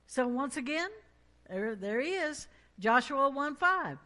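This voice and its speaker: A woman's voice: high voice, sing-song, slow pace, pushed and bright. A woman preaching a sermon in an emphatic, conversational way, reading scripture and prompting the congregation to respond.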